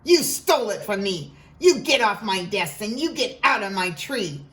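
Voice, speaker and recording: A woman voicing a lazy, selfish female bird in a storybook read-aloud, with high, sing-song exclamations. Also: big pitch swings, normal speed, a bit bright. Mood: indignant.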